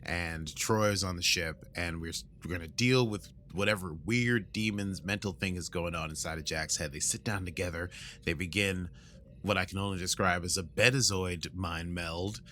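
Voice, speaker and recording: A man's voice: deep voice, fairly even intonation, normal speed, bright, forceful tone, slight background noise. A man hosting a podcast, casually recapping an episode and breaking into sung lines and silly voices. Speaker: podcast host.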